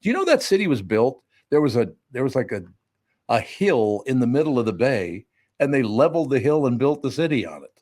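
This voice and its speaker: An older man hosting a podcast, chatting bluntly and telling animated stories with a bit of salty language. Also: medium pitch, fairly quick. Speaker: podcast host. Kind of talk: casual studio chat.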